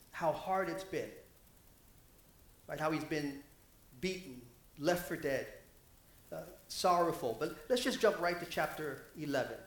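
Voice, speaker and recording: Male preacher, sermon, high voice, echoey room, animated delivery. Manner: animated, rising in pitch and volume when quoting scripture.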